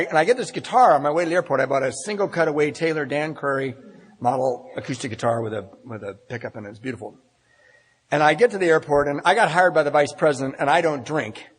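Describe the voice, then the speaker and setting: A man's voice: on the high side, slight background noise. A middle-aged man giving a personal recovery talk at a meeting, telling his story with self-mocking humor and acting out the dialogue. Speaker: AA speaker. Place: meeting hall. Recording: husky voice in a long-reverb hall.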